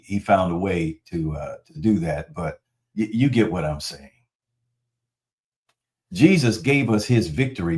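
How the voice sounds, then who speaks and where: Man, pastor, sermon, lowish voice, conversational, animated storytelling.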